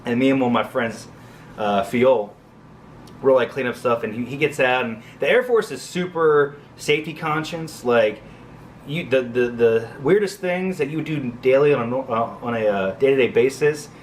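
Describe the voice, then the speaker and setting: A man's voice: mid-range voice, normal speed, slight background noise. A man in his thirties casually telling a long military story, rambling with lots of fillers and jokey asides. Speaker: Air Force crew chief telling a story.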